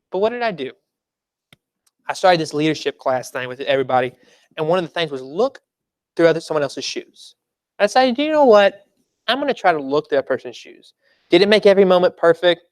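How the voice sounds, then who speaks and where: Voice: mid-range voice, animated, moderate pace, pauses often, dry recording. Conversational preacher, dry close sound. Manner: conversational storytelling, emphatic repeated phrases. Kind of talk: sermon. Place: church service.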